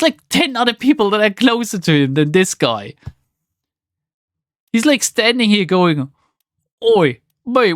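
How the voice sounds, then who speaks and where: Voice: mid-range voice, no echo, studio quality. A streamer giving casual let's play commentary in an exasperated, sarcastic tone, often swearing.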